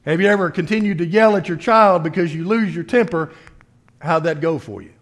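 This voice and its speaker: A man with a slightly higher voice delivers a sermon to his congregation. He speaks conversationally, firing off rhetorical questions at his listeners. His voice swings between quiet, low asides and raised, emphatic points. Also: a little fast. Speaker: preacher.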